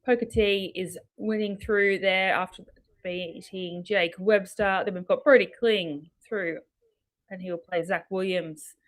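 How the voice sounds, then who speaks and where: An Australian woman co-commentating live darts, briskly running through results and laughing along with her partner. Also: medium pitch, steady tone.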